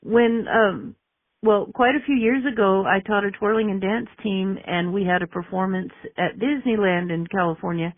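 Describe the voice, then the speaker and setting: A woman's voice: medium pitch, fairly even intonation, moderate pace, dry recording. A woman from Texas, hosting a radio interview in a chatty, giggly way. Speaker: radio host. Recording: phone-like radio audio.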